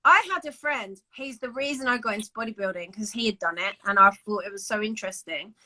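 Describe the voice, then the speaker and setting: A woman's voice: mid-range voice, fast talker, sharp tone, low-quality recording. A young woman co-hosting a casual podcast chat, candid and swearing freely. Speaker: podcast co-host, bikini bodybuilder.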